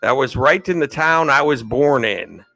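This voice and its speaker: A man's voice: mid-range voice, lively intonation, a little slow, creaky, bright, forceful tone, soft background music, low-quality recording. A man hosting a live stream, answering chat questions in a chatty way, laughing often and losing his train of thought. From United States. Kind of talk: casual chat.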